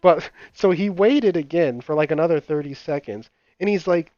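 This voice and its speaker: A man's voice: on the high side, normal speed, hardly any pauses, darkish tone, dry recording. A young man chatting casually while gaming, rambling through stories with frequent laughs and casual swearing. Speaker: gamer and channel host. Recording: dull lo-fi voice chat with game music. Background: game music.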